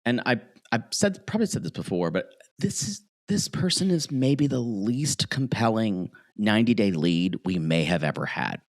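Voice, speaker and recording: A podcast co-host in a casual recap chat, wry and emphatic, jumping into high squeals when he jokes. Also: very animated, normal speed, few pauses, no echo, studio quality.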